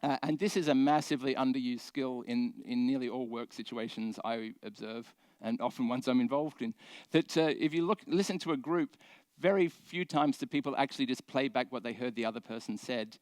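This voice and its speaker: A man's voice: mid-range voice, brisk, darkish tone, no echo. Conversational man giving a conference talk. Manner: conversational, many fillers and restarts. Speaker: conference speaker. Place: conference hall stage.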